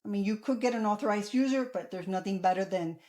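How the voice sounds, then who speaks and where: A woman's voice: mid-range voice, quick pace, mellow. Chatty woman giving credit tips. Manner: chatty, repeats "okay?" and "guys", restarts phrases. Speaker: channel host giving credit advice. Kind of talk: casual advice vlog.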